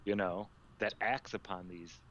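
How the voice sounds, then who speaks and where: A man on a casual panel chat, explaining ideas in a calm, matter-of-fact way. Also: sits low, measured pace, muffled recording, a little hiss or hum. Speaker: panel guest.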